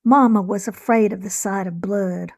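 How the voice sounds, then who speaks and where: A woman reading her own memoir aloud in a measured, reflective storytelling manner. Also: mid-range voice, steady tone, darkish tone. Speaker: author and narrator. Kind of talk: scripted memoir narration.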